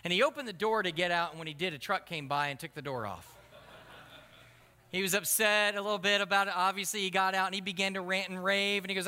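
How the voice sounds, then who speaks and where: Chatty pastor preaching, high bright voice, big echoey church. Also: male voice, quick pace. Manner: self-deprecating, conversational preaching. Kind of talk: sermon. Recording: long hall reverb.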